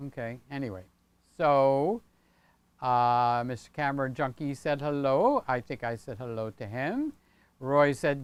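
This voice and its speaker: Rambling older man, smooth dry voice. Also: a little high, animated, measured pace, no room sound. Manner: rambling, chatty, keeps tagging on "okay?". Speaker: channel host. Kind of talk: casual livestream chat. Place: home studio room with set pieces.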